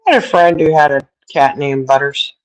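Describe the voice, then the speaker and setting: A woman's voice: low-pitched, brisk, poor audio. A middle-aged woman hosting a livestream, chatting casually and laughing often as she answers viewers. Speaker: livestream host. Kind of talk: casual chat. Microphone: streaming setup.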